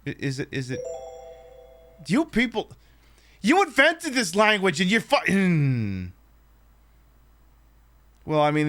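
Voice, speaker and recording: A man's voice: mid-range voice, fairly bright tone. A man playing a quiz game and commenting casually, joking and swearing, rambling through his guesses. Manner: profane, joking, rambling asides. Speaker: game streamer.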